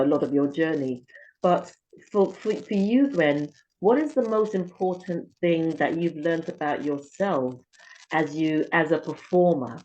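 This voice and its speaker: A woman's voice: low-pitched, a little mellow. A woman hosts a casual interview, asking long, meandering questions in a chatty way. The recording sounds dull and muffled. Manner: chatty and rambling, with many restarts and fillers. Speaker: talk show host.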